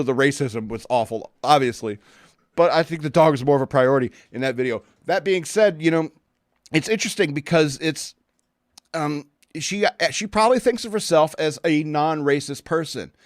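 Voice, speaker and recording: A man's voice: fairly high pitch, moderate pace, no echo, studio quality. A man hosting a podcast, ranting bluntly and sarcastically with many restarts. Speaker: podcast host. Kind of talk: casual opinion rant.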